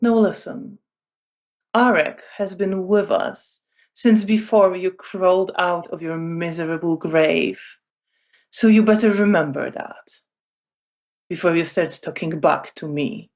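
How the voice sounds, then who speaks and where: A woman voicing a cold, commanding female vampire leader who threatens in a calm, measured way, on a lo-fi recording. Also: mid-range voice, lightly acted. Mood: coldly threatening.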